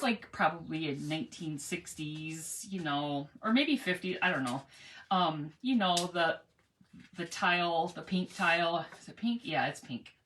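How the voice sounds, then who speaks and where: A woman's voice: lowish voice, a bit bright, a little hiss or hum. A woman hosting a casual craft livestream, chatting rambly and greeting viewers by name as she works. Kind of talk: casual chat while crafting.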